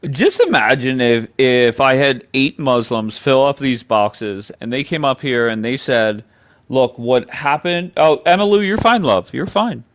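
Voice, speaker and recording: A man hosting a heated livestream debate, talking brusquely to his callers. His voice sounds smooth and resonant, set at a middle pitch. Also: animated, unhurried, few pauses, a bit bright. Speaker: livestream host. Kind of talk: moderating a heated live debate.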